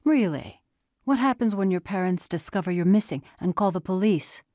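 A woman voicing a calm, probing teenage boy who questions his friend in a measured way. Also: fairly low pitch, dry recording, studio quality, lightly acted. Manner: questioning, measured, gently pressing.

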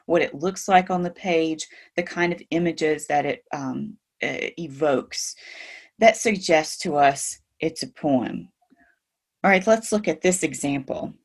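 A woman with a somewhat low voice teaches poetry over a video call. She explains patiently, filling pauses with ums and checking in with a rhetorical "right?". Her delivery is the loose style of a live online lesson.

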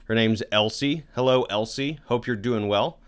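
A man's voice: medium pitch, moderate pace, clear, resonant tone. A man co-hosting a podcast in casual chat, rambling and self-deprecating. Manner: rambling, self-deprecating, tries joke accents. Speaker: podcast co-host.

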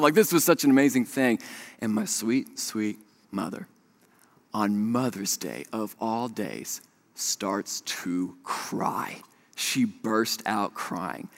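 A young man preaching a sermon, telling a story with animated swings from hushed to loud. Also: lowish voice, slow pace. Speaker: pastor.

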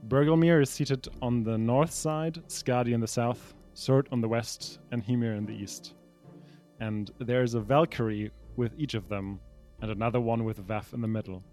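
A man's voice: mid-range voice, darkish tone. A young adult man as game master, reading pre-written narration for a tabletop game with small slips and restarts.

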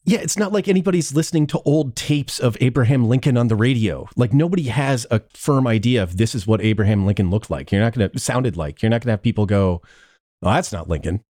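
A man's voice: mid-range voice, lively intonation, quick pace, few pauses, dark tone, no room sound, studio quality. A man co-hosting a podcast in casual chat, sardonic with laughing asides. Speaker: podcast co-host.

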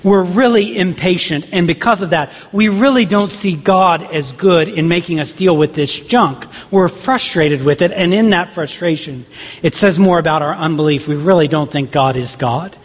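Male pastor, sermon, slightly high voice, church hall reverb. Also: moderate pace. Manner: conversational, rhetorical questions, frequent restarts. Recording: long reverb of a large hall.

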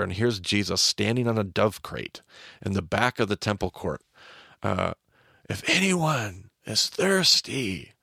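Man teaching through a story, gravelly voice, low, dry close sound. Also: a bit bright, dry recording. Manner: vivid storyteller, voices the crowd's chants. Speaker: teacher and podcast host.

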